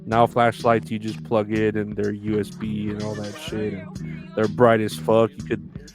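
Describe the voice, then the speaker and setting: Profane ranting podcast man, low voice. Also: level tone, unhurried, over music. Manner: profane, sarcastic, mocking quoted voices. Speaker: podcast host. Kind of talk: rambling solo podcast rant.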